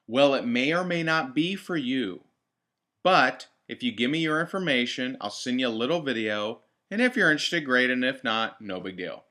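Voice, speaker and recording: A man leads a team training session with a bright, forward tone. He coaches directly and drives his points home by repeating them. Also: mid-range voice, expressive, moderate pace. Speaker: network marketing trainer.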